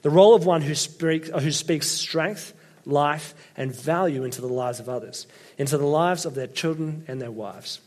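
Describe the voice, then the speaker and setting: A man's voice: a little high, moderate pace, darkish tone. A young man preaching a sermon in a chatty, joking way, often checking in with the congregation. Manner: conversational, jokey, often checks in with "right?" and "okay?". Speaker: pastor.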